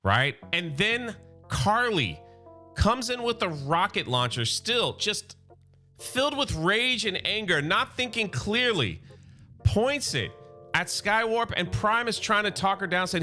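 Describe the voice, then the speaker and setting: A man recaps a comic book in a loose, enthusiastic chat. His voice sits a little high and sounds bright and forceful, with faint music underneath. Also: very animated, slow pace. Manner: enthusiastic, chatty storytelling.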